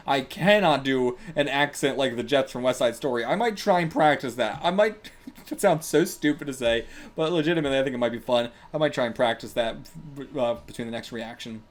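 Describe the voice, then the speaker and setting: A young man reading a manga aloud and reacting casually, excitable and laughing, with bursts of swearing. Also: medium pitch. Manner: excitable, swears, laughs, puts on brief character lines.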